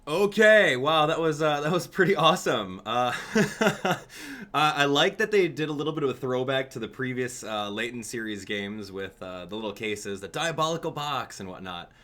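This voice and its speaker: A man streaming a game, chatting casually and excitedly and laughing often. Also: medium pitch, moderate pace. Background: background music.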